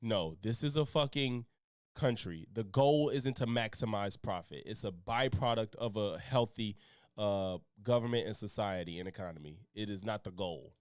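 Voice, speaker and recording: A man's voice: fairly low pitch, normal speed, smooth, no echo, clean studio sound. A man streaming a reaction to a podcast clip, talking casually with heavy swearing, frequent laughter and growing indignation. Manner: animated, profane, laughing often.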